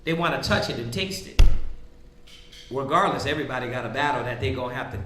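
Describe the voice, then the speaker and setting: A man's voice: mid-range voice, lively intonation, fast, fairly bright tone, reverberant, slight background noise. A man preaching in a casual, conversational way, often asking "right?" and acting out the voices of the people he quotes. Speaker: priest teaching scripture.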